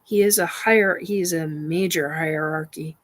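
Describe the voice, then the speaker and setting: A woman's voice: low voice, normal speed, rough recording. A woman hosting a casual paranormal chat stream, rambling with many fillers, defiant and swearing.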